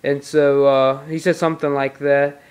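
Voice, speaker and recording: A man's voice: fairly high pitch, little pitch movement, normal speed, clear, resonant tone. A man casually reviewing a movie on tape, retelling the plot in a rambling way with restarts.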